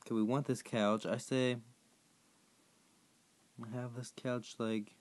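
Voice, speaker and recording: A hoarse man who has partly lost his voice, chatting casually to viewers as he plays a game and sets tasks for them. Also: mid-range voice, flat delivery, takes it slowly. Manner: rambling, chatty, addressing viewers directly. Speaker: gaming YouTuber. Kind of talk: casual gameplay commentary.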